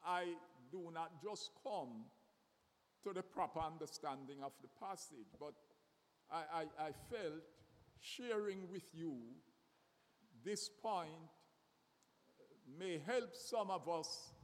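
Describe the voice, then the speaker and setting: A man preaching a sermon slowly and deliberately, often repeating words as he searches for the next one. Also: fairly high pitch. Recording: long reverb of a hall.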